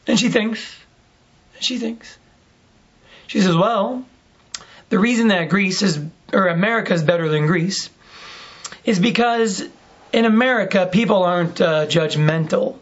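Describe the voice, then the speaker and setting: A male priest gives a homily in a relaxed, conversational way, telling a story and acting out both sides of the dialogue. The recording sounds slightly muffled and lo-fi. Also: high-pitched.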